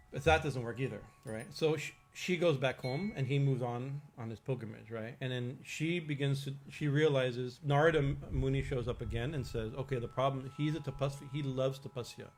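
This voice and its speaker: A man's voice: medium pitch, darkish tone, slight background noise. A man, a swami giving an informal religious discourse, telling stories in a chatty way with frequent laughs and restarts. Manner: chatty storytelling, laughs often, many restarts. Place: temple hall.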